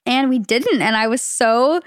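Young female podcast co-host, bubbly and chatty, fairly high voice, dry close mic. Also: smooth, no room sound. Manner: bubbly, quick, quotes herself in raised voice. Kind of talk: casual chat.

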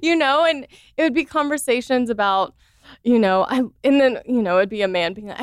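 Chatty woman in her 30s on a podcast, kinda high voice, dry close sound, laughs a lot. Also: a little fast, clean tone, no echo. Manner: chatty, laughs often, acts out quoted voices. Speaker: podcast guest. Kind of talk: casual interview chat.

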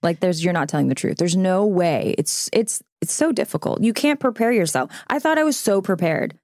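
A woman in her thirties joins a podcast as a guest and talks earnestly in casual chat. Her voice sits a little low, she fills her talk with "like", and she acts out little quotes. The recording is dry and close. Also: lively intonation, moderate pace, darkish tone, no echo.

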